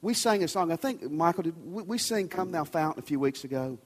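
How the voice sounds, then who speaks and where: A man with a high voice preaches in a conversational way to a large congregation. His urgent pleas sometimes sink to a soft near-whisper. The long reverb of a big church sanctuary hangs on every phrase. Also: expressive, brisk. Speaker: pastor. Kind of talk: sermon.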